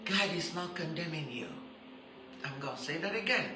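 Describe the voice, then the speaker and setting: A woman preaching a sermon who stresses her points by repeating them and turns soft and intimate when she appeals to her listeners. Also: sits low, expressive, normal speed, reverberant, background noise. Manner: emphatic, repeats key phrases for stress.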